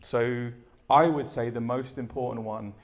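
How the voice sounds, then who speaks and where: Man, gravelly voice, lively conference talk, audience questions. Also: mid-range voice, measured pace. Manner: energetic, storytelling, asks the audience questions. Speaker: conference speaker. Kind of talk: live talk and Q and A. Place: event room with an audience.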